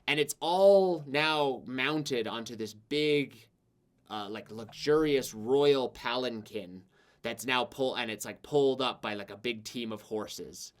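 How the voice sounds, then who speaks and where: A man's voice: medium pitch, slow. Rambling male game master. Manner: rambling, full of filler words. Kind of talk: narrating a tabletop game.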